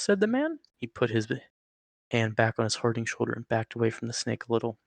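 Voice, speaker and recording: A man narrating a story aloud in a steady, plain manner, now and then tripping over a word. His voice is gravelly, and it is recorded close and dry with no room sound. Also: mid-range voice, brisk, no room sound. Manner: steady, plain reading with occasional slips.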